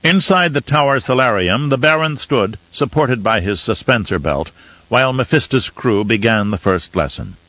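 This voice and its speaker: A man narrates a novel in a steady, descriptive storytelling voice that sits on the low side. The recording is dull and muffled, with a dry, close sound and no room echo. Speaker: audiobook narrator. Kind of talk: scripted narration.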